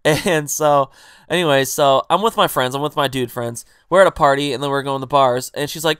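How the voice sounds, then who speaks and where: A man's voice: fairly high pitch, normal speed, clear, resonant tone, no room sound, studio quality. Profane young man telling a story. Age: young adult. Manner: rambling, profane, animated retelling with quoted dialogue. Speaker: vlogger. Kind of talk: casual storytime vlog.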